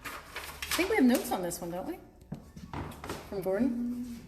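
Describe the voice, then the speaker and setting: A woman's voice: on the high side, very animated, measured pace. A woman co-hosting a live-stream gallery tour, chatty and reading out viewers' comments. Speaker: gallery co-host. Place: art gallery indoors. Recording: echoey room with noticeable background noise.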